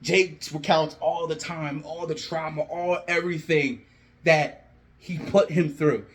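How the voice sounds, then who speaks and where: A man telling a wrestling storyline in a casual, animated way and acting out the wrestlers' lines. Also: on the high side, unhurried. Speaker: wrestling booking commentator. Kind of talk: casual fantasy booking rant.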